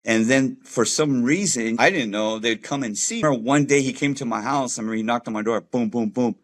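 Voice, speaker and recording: A man's voice: mid-range voice, fast talker, a bit bright. Man telling his testimony casually. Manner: conversational, acts out quoted voices, many fillers. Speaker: testimony speaker. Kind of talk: personal testimony storytelling.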